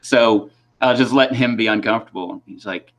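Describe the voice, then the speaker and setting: A man's voice: on the low side, a little fast, fairly bright tone. A man hosting a livestream in casual chat, rambling and laughing between his sentences. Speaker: host of a livestream.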